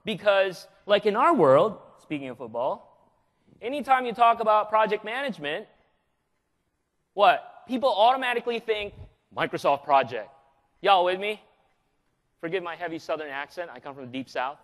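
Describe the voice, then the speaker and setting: A man from the Philippines giving a live conference presentation, energetic and joking, often throwing questions at the audience. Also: high voice, normal speed, pauses often. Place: large conference hall. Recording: long reverb of a large hall.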